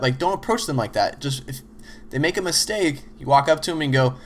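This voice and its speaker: A man's voice: on the high side, expressive, fast. A man hosting a show, giving a casual instructional talk on teamwork in a loose, conversational way. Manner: loose, conversational, frequent "you know" and "like"; acts out little example dialogues. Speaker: host explaining teamwork.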